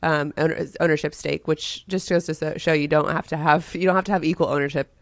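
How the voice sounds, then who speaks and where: A woman co-hosting a podcast, hoarse from being sick, chatting casually and laughing often. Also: low-pitched, fairly even intonation, quick pace, no echo. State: hoarse from illness. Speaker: podcast co-host. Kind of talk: casual chat.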